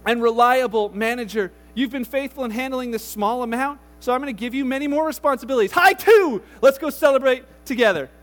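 A beaming, generous master bursts with praise in a very high, ringing voice. He is loud and celebratory, as a man preacher acts him out in a sermon retelling. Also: fairly even intonation, fast talker, hardly any pauses. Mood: jubilant.

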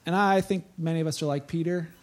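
A man's voice: fairly high pitch, steady tone, fast, a little mellow. A male pastor preaching a sermon in a conversational, chatty way. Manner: conversational, chatty, with frequent "like" asides.

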